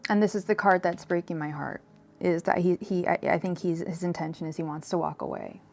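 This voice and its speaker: A woman's voice: fairly low pitch, steady tone, a little fast, a little mellow, soft background music. Chatty woman doing a live tarot reading. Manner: chatty, digressive, frequent fillers and restarts. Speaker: tarot reader.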